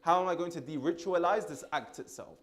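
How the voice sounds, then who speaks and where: A man's voice: a little high, a little fast. A man giving a sermon, asking rhetorical questions, checking in with "correct?", and weaving Arabic religious terms into English. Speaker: speaker at a religious gathering.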